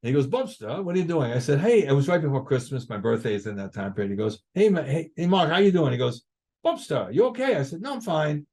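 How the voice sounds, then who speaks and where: A man's voice: medium pitch, fast, few pauses. An older man, a guest drummer, telling stories in a casual interview and acting out what others said. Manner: animated, acts out other people's lines in his stories.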